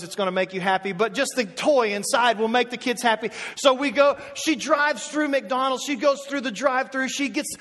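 A male pastor preaching a sermon, telling an animated story with many asides and restarts. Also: very high voice. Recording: echoey hall with long reverb.

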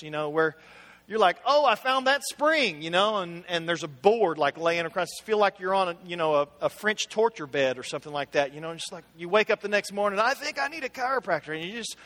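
In a hall with noticeable reverb, a middle-aged pastor preaches to his congregation in a chatty, anecdotal way. His pitch is extremely high and his tone sharp.

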